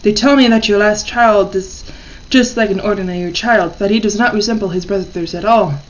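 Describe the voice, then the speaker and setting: A woman voicing a male gentleman friend who asks pointed, questioning things. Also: medium pitch, normal speed, muffled recording, natural voice. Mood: probing.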